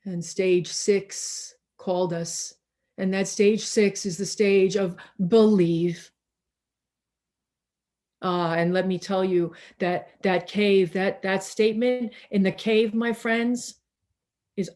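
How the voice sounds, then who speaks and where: A woman minister preaching slowly and reflectively over a video call, pausing and restarting often, tired as she speaks. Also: on the low side, mellow. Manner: slow, reflective, with many restarts and pauses.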